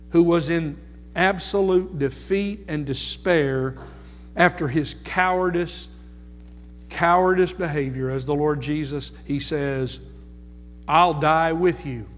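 A male preacher delivers a sermon at an unhurried, deliberate pace, leaning on repeated words. His voice sits somewhat high for a man. The sound carries a long reverb tail with soft music underneath. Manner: slow, emphatic preaching with repetition.

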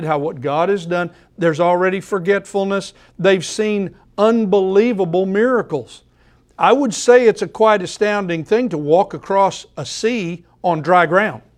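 Guy preaching a sermon, bit higher voice, slow, says things twice for emphasis. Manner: repeats phrases for emphasis. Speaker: pastor.

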